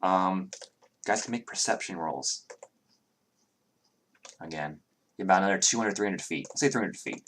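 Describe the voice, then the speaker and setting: A man narrating a tabletop game as game master, pausing often with fillers as he describes the scene. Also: sits low, fairly bright tone, slight background noise. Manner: halting, with many fillers.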